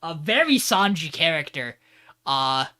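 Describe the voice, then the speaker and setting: A man co-hosting a podcast, excitedly recapping an anime episode and acting out quotes with laughs. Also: fairly high pitch, a little slow. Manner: animated retelling with acted-out quotes and laughs. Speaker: podcast co-host. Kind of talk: casual anime recap chat.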